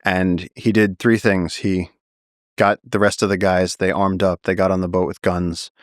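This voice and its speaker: A man's voice: low-pitched, level tone, normal speed, dry recording, studio quality. A man, a naturalist guest on a podcast, vividly telling a story and acting out the quotes. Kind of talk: storytelling in a long-form interview.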